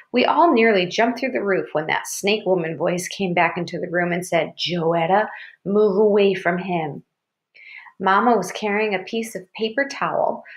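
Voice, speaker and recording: A woman reads a novel aloud at an even, mid-range pitch. Her narration is steady and plain, carrying the story along without fuss. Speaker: reader.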